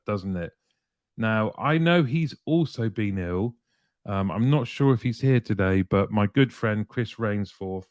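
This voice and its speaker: A chummy man hosts a casual live chat with a fairly low voice. His tone is smooth and clean, and the sound is dry and close. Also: a little mellow, dry recording. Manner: chummy, reads out viewer comments and greets them by name. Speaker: livestream host reading chat.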